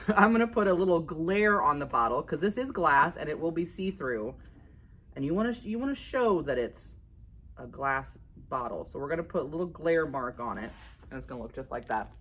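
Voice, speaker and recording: A woman giving a casual drawing tutorial as an art instructor, chatty and upbeat, laughing at herself as she works. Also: low voice.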